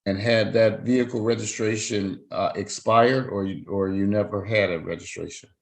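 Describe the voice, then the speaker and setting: A man's voice: on the low side, fairly even intonation, normal speed, vocal fry, low-quality recording. A man presiding as a judge, formally reading out charges, fines and rights in a court hearing. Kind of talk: court proceedings over a video call.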